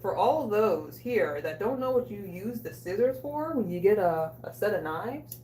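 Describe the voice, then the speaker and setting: A woman hosting a cooking livestream, chatting casually, loud, joking and swearing with her chat. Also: mid-range voice, lively intonation, normal speed, a little hiss or hum. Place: small bathroom. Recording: echoey room, a bit distant.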